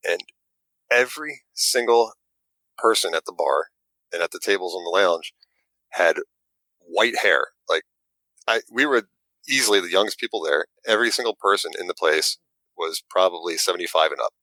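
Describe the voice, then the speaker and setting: Man, very low voice, crisp and bright, dry close sound, casual animated storytelling. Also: normal speed, long pauses, dry recording, rough recording. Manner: animated, acts out quotes, stammers. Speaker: model maker guest.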